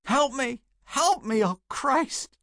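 A man voicing a badly burned diver who screams in shrill, desperate agony. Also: animated, takes it slowly, pushed and bright, no echo, studio quality, exaggerated voice. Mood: screaming.

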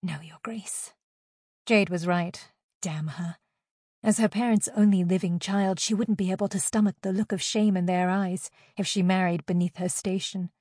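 A woman narrating a novel as an audiobook in a steady, even reading voice. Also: medium pitch, normal speed, few pauses, dry recording, clean studio sound.

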